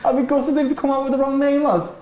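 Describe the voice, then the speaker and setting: A young man chatting excitedly as co-host while watching a live football match, calling everyone "lad" and laughing often. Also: very high voice, quick pace. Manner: says "lad" often, breaks into laughter, cheers loudly at goals. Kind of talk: excitable casual chat reacting to a live match. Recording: echoey room.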